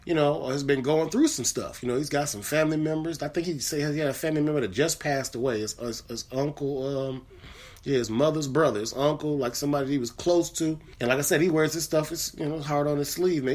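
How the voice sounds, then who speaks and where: Hosting his own comedy podcast, a man tells a story casually and rambles, full of fillers and repeated words. His voice is fairly high and a little mellow, and he speaks fairly quickly.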